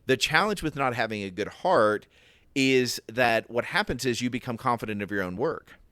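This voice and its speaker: In a casual Bible podcast he co-hosts, a man muses aloud, restarting thoughts and voicing the questions running through his mind. His voice is medium-pitched, expressive and a bit bright, at a moderate pace in a dry recording.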